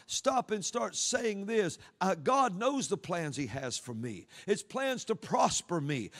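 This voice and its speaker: Fervent high-voiced man preaching. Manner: fervent, swings from loud cries to low murmurs. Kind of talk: sermon.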